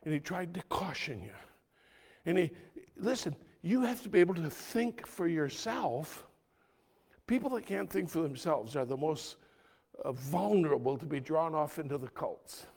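A male pastor preaching a sermon, his delivery emphatic, dropping quiet and then rising loud. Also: on the high side, expressive, moderate pace, husky.

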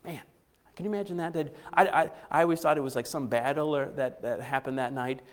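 A man's voice: a little high, brisk. A man preaching a sermon in a conversational way, retelling scripture with acted-out dialogue and frequent restarts. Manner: conversational, acts out quoted dialogue, restarts often. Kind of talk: casual sermon.

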